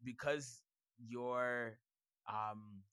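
A man with a hoarse, scratchy edge on an otherwise smooth, clear voice, chatting casually as a podcast co-host. He laughs easily and tells stories at a relaxed middle pitch. The sound is close and dry, with no room behind it. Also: extremely slow, no echo. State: hoarse, losing his voice. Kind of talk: casual chat.

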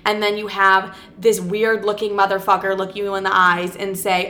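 A young woman recounting a night out in a loose, lively storytime voice, quick to swear. She jumps into quoted back-and-forth as she goes. Her pitch sits mid-range for a woman. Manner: animated, swears freely, acts out quoted dialogue. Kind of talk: casual personal storytime.

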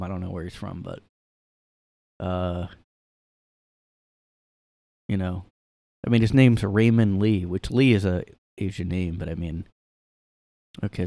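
A man's voice: on the low side, a little mellow, no room sound. A young man hosting a casual solo podcast from his room, rambling and sarcastic with lots of fillers. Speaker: podcast host.

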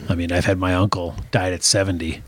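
A man's voice: sits low, little pitch movement, fast. A man co-hosting a podcast in casual chat, laid-back and laughing often, with lots of fillers. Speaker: podcast co-host.

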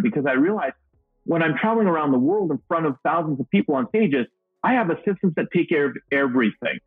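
A man's voice: on the high side, breathy edge, dry recording. A middle-aged man, a motivational speaker, telling stories in an upbeat, goofy interview answer. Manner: upbeat, self-described goofball, acts out quotes. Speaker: guest, motivational speaker and trainer. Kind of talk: energetic storytelling interview answer. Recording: tinny phone-like remote call audio.

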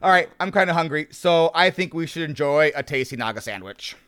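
A man's voice: a little high, animated, a little fast, fairly bright tone, clear, resonant tone, dry recording, clean studio sound. A man hosting a podcast in casual chat, upbeat and rambling, with lots of fillers and restarts. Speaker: podcast host.

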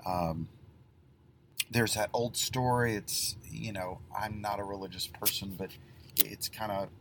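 A man's voice: on the low side, fairly even intonation, unhurried, background noise. A middle-aged man who owns a plumbing business, giving casual advice in a folksy, rambling way with lots of fillers and restarts.

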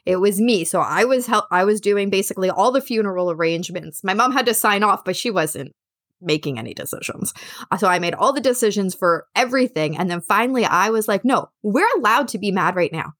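Woman, young adult, lively pitch, candid storytelling, dry close sound. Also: fairly quick, no room sound. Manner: candid, animated, acts out quotes. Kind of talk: personal storytelling.

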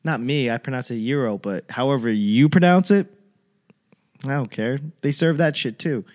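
A man's voice: mid-range voice, normal speed, darkish tone. Male host, casual comic rant, rambling and profane, acts out quoted voices.

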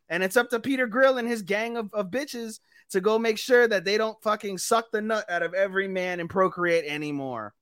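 A man co-hosting a podcast, recapping an anime episode in a rambling, profane, animated way. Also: sits high, normal speed, few pauses, clear, resonant tone, no echo, clean studio sound. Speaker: podcast co-host. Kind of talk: casual chat, anime recap.

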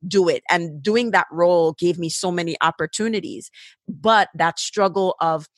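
A middle-aged woman from Jamaica with a Jamaican accent. She is an author who tells lively stories in a casual interview. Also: on the low side, moderate pace, no echo, clean studio sound. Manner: lively storyteller, mixes Jamaican and American speech.

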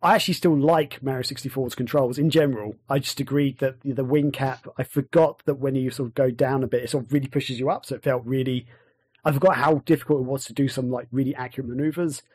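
A man's voice: medium pitch, fairly even intonation, quick pace, darkish tone, breathy edge, dry recording. A man with an English accent hosting a casual gaming podcast, rambling with lots of fillers and restarts. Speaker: podcast host.

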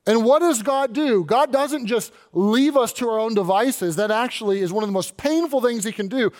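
A man with a fairly high speaking voice delivers a sermon as the church's pastor. He preaches with energy and briefly slips into the voices of the people he quotes.

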